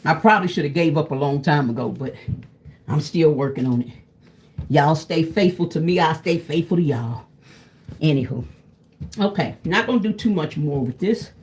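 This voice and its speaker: A woman's voice: deep voice, moderate pace, a little mellow. A woman, chatting casually to her viewers while she cooks, calling them "y'all". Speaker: cooking vlogger. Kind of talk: casual cooking vlog chat.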